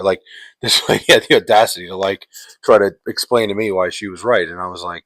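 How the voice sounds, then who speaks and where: Deep-voiced man ranting casually. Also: steady tone, brisk, fairly bright tone, no room sound. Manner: profane, exasperated, rambling with many fillers. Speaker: podcast host. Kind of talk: casual storytelling rant.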